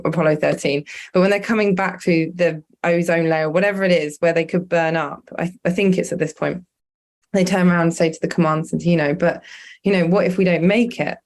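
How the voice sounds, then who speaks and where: A woman's voice: lowish voice, fairly even intonation, fairly quick, darkish tone. A woman on a webinar panel, speaking reflectively and telling a personal story with frequent restarts over a video call. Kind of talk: conversational panel discussion.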